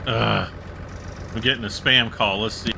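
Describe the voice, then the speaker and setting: A man hosting a farming game video, chatting casually and thinking out loud as he plays. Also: fairly low pitch, steady tone, measured pace, vocal fry, noisy background. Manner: chatty, thinking aloud while playing. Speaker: gaming channel host. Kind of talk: casual gameplay commentary.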